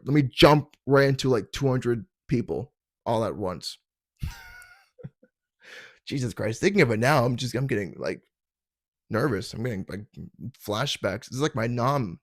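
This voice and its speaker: A man's voice: medium pitch, dry recording, clean studio sound. A young adult man from Canada hosting a comedy podcast from his parents' basement, telling stories in a rambling, self-deprecating way and stumbling over his words. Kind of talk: casual comedic storytelling.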